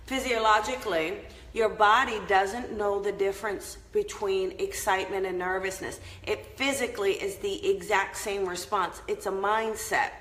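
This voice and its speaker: A woman's voice: mid-range voice, fairly even intonation, normal speed, a bit bright, reverberant, low-quality recording. A woman hosting a casual live-stream chat, upbeat and chatty, laughing often as she talks to her viewers. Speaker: host of a live inspirational show.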